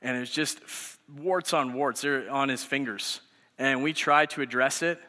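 A man's voice: mid-range voice, moderate pace, pushed and bright. A man in his thirties, a youth pastor, giving a sermon through conversational storytelling. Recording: echoey hall reverb.

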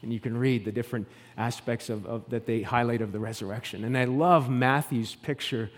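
A man preaching a sermon, moving from loud declarations to soft, hushed passages and acting out the scenes he tells. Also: mid-range voice, fairly even intonation, fairly quick, long reverb tail. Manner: acts out the scenes he tells, with repeated words and restarts. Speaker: pastor.

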